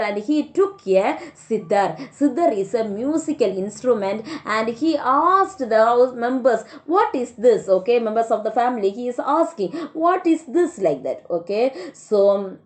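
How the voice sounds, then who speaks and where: A woman teacher walks her class through a story, paraphrasing each step. Her voice sits a little high but sounds mellow and soft-edged. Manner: explains and paraphrases, often says "okay, so". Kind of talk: online class lecture retelling a story.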